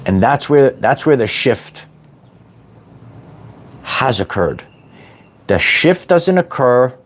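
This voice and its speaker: Animated man on a motivational livestream. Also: medium pitch. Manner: animated, repetitive, playful, drawls words like "baby". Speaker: host of a spiritual wellness livestream. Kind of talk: motivational livestream talk to chat.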